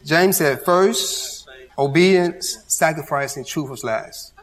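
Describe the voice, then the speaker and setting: A man's voice: on the high side, slow pace. A man giving an interactive church Bible teaching, quizzing his audience with call-and-response questions. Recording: long hall reverb.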